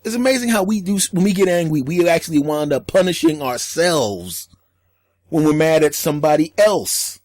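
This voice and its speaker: A man hosting a solo podcast, telling comic stories and acting out other people's lines with deadpan jokes. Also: fairly high pitch, moderate pace, no echo, studio quality. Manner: storytelling, acts out voices in quotes, deadpan jokes. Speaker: podcast host. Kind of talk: solo comedic podcast monologue.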